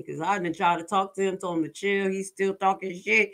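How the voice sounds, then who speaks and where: A young woman with a bright, forceful voice gives casual commentary. She talks bluntly and with plenty of swearing. She tells her stories with animated energy. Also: mid-range voice, quick pace, few pauses. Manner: blunt, profane and animated storytelling. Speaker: reaction video host.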